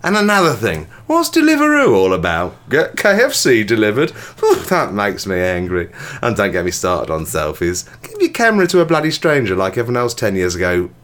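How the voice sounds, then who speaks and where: A man's voice: fairly low pitch, wildly swooping pitch, fairly quick, fairly bright tone. A man co-hosting a comedy podcast, ranting in a mock-angry, sweary way. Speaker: podcast co-host.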